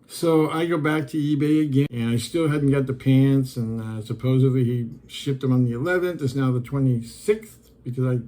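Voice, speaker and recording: A man's voice: medium pitch, moderate pace, few pauses, mellow, low-quality recording. A man talking casually to camera as an online reseller, exasperated and rambling as he tells a story and reads messages aloud.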